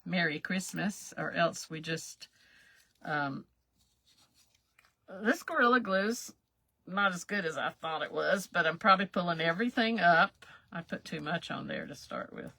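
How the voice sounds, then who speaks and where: A woman's voice: fairly low pitch, expressive, unhurried, vocal fry, sharp tone, slightly rough, dry recording. A woman, hosting a chatty crafting livestream and laughing at herself as she works. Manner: folksy, self-chuckling, talks while working.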